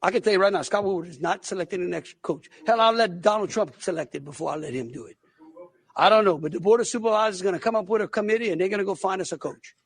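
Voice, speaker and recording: A man's voice: high voice, fast, slightly rough, no echo. A middle-aged man with a Louisiana accent, a state governor speaking bluntly and folksily at a press conference.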